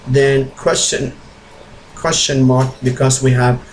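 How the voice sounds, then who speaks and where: A male English teacher explaining grammar step by step, slow and repetitive, with non-native slips in his phrasing. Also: mid-range voice, steady tone, a little hiss or hum, low-quality recording. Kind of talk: grammar lesson.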